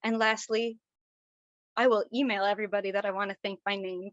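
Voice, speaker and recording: A woman graduate student presenting her thesis over a video call, tearful, earnest and halting. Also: mid-range voice, flat delivery, a bit bright, no echo. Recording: dull dry video call audio.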